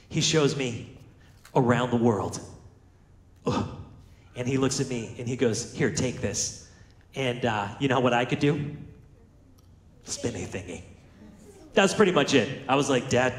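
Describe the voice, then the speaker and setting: A man's voice: mid-range voice, echoey room. A man telling a funny, self-mocking childhood story to an audience, acting out the voices in it. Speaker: motivational speaker. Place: large room with audience.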